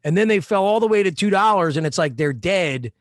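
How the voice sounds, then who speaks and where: Guy rambling on a podcast, kinda high voice, dry close sound, swears a lot. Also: animated, a little fast, dry recording. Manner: rambling, profane, laid-back. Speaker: podcast co-host. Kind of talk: casual chat.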